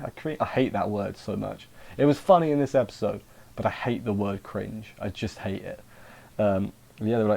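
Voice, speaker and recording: A man's voice: lowish voice, a little fast, a little mellow. A man casually recapping an anime episode, rambling and interrupting himself with wry asides. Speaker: anime reviewer.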